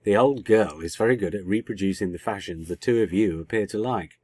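A man's voice: on the low side, fairly quick, a little mellow, slightly rough. A man voicing a flustered, awkward male time traveller in a read-aloud story. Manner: stammering, awkward.

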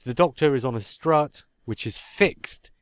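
A man's voice: medium pitch, measured pace, clear, resonant tone, no echo, clean studio sound. A man hosting a podcast, chatting casually and talking his points through at length. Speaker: podcast host.

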